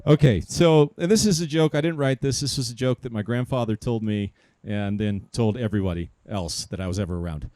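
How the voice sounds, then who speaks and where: A man's voice: mid-range voice, a little fast, few pauses, warm tone. A man doing stand-up at an outdoor park show, telling a joke in a loose, hesitant way. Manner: loose, hesitant storytelling with fillers. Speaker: stand-up comedian.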